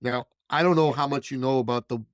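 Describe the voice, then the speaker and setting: A man's voice: medium pitch, fairly even intonation, quick pace, clean tone, dry recording, clean studio sound. A man, a business coach and speaker, telling stories emphatically with punchy repetition as an interview guest. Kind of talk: animated storytelling in conversation.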